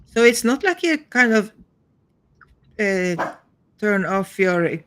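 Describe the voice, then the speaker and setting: Woman, casual chat, halting, self-correcting, mid-pitched. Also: very animated, background noise. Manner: halting, non-native phrasing, self-correcting. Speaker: guest co-streamer.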